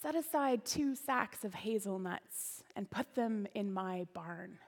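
Scheming male governor, giving a quiet, secretive order, as a woman reads him. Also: mid-range voice, animated, takes it slowly. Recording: long church reverb.

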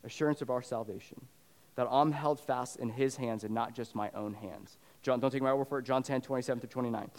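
A pastor giving a sermon in a conversational style that swells into fervent emphasis. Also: male voice, medium pitch, fairly even intonation, fairly quick, darkish tone. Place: church sanctuary. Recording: long reverb of a church hall.

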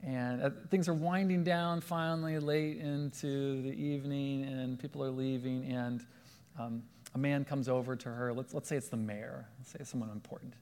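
A man preaching a sermon in a lively storytelling way, acting out the voices of the people in his stories. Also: medium pitch, normal speed, smooth. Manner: animated, acts out quoted voices. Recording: long hall reverb.

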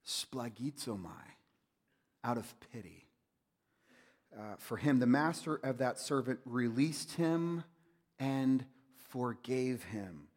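A male pastor preaching a sermon, swinging from loud urging to hushed near-whispers. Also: mid-range voice, long reverb tail.

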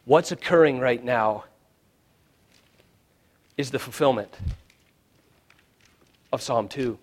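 A male pastor preaching a sermon, swinging from hushed, quiet lines to loud shouted ones. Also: mid-range voice, takes it slowly.

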